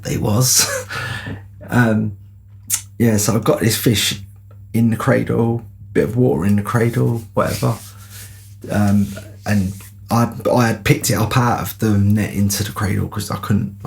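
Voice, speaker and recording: A man's voice: medium pitch, gravelly. A man telling a casual, rambling anecdote with lots of fillers and restarts. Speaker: podcast storyteller.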